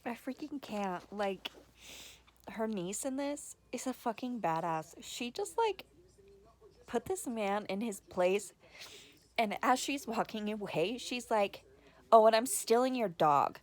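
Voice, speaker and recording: A woman book vlogger chatting casually, excitable and gushing, swearing freely and filling her talk with "like". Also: medium pitch, slow pace. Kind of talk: casual vlog chat.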